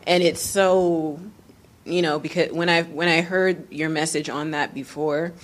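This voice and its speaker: Low-voiced hesitant woman asking a question. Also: steady tone, measured pace. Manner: hesitant, many "um"s and restarts, reflective. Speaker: audience member asking a question.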